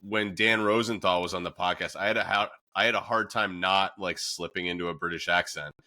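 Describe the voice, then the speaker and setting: A man hosts a casual podcast, talking chattily with many fillers and frequent laughs. His low voice has a sharp, bright edge. The sound is dry and close. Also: fairly even intonation, brisk, no room sound. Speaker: podcast host.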